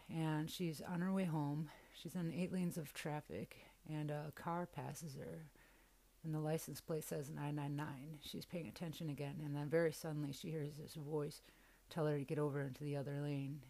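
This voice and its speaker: Gravelly-voiced woman telling a story. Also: sits low, darkish tone. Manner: candid, swears freely. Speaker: podcast host. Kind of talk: casual storytelling monologue.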